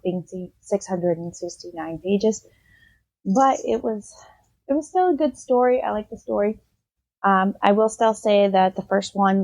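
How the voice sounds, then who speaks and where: A woman chatting casually on her book review podcast, retelling a story with plenty of "um" and "like." Her pitch sits in an ordinary middle range, and her delivery is loose and unscripted. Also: no room sound, rough recording. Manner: rambling, full of "um" and "like", animated retelling.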